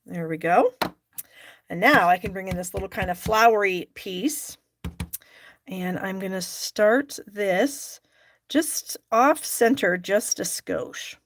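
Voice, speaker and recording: A woman hosts a live craft class, talking her viewers through each step in a loose, chatty way. Her voice sits at a middle pitch for a woman. Faint noise and small clicks from her work sit under her voice. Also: takes it slowly. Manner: chatty, thinks aloud while working, fillers. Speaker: stamping class host.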